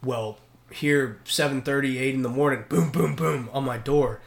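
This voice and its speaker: A man's voice: medium pitch, moderate pace, creaky. A middle-aged man and mariner telling sea stories in casual podcast chat, acting out the voices of the people in them. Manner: animated, acts out voices in anecdotes. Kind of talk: casual storytelling.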